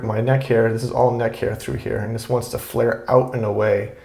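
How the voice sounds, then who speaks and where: A man talking through a beard trim in a relaxed, chatty way, with lots of fillers and repeated words. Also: mid-range voice, creaky, echoey room. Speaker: beard grooming vlogger. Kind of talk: relaxed how-to talk while trimming.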